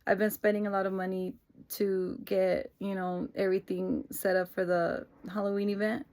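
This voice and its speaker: A woman's voice: mid-range voice, little pitch movement, normal speed, darkish tone. A young woman vlogging casually about her week, rambling with fillers and restarts. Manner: rambling, many fillers and restarts, laughs through tears. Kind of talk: casual personal vlog storytelling.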